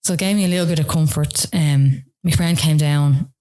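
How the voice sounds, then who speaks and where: An Irish woman telling her own story as a podcast interview guest, emotional and halting, with many "like" and "you know" fillers. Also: low-pitched, warm tone.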